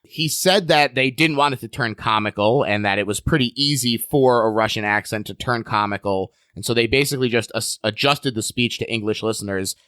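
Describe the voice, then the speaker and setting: A man hosting a podcast, speaking in a measured way as he puts questions to his guest. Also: medium pitch, fairly bright tone, no echo, studio quality. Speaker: podcast host. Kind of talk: casual podcast discussion.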